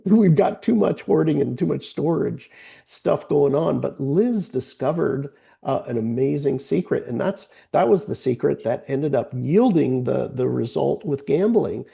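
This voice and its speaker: A man's voice: medium pitch, lively intonation, measured pace, gravelly, warm tone. A man hosting a casual panel conversation, rambling with lots of fillers.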